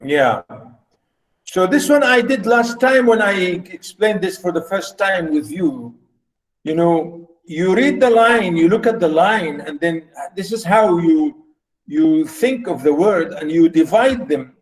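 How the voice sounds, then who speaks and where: A man's voice: high voice, expressive, unhurried, poor audio. A man lecturing students over a video call, explaining poetic meter in a rambling way with many fillers and repeats. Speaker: university literature lecturer.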